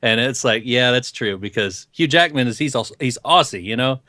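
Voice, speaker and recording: A man with a light Southern US accent chats loosely on a podcast, rambling and joking. His voice sits at an ordinary middle pitch and sounds a little sniffly from a cold. The recording is dry and close. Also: expressive, fairly quick, sharp tone, no room sound. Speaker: podcast co-host. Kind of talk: casual chat.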